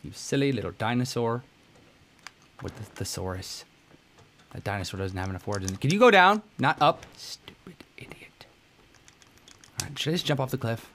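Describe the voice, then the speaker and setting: A young man hosting a let's-play, commenting on the game in a goofy, self-mocking way with sudden loud outbursts. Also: lowish voice, a little fast, long pauses, slight background noise. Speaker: gaming let's-play host. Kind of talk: casual gameplay commentary.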